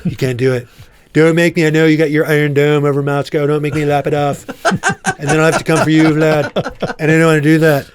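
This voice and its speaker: A man putting on the voice of a boastful older male politician in a loud, bragging, playful way. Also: a little high, flat delivery, quick pace, close to an everyday voice.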